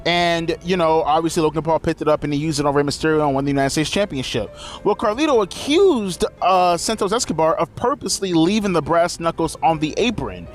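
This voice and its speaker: A man's voice: on the high side, animated, brisk, soft background music. A man giving a casual, profane, rambling recap of a wrestling show.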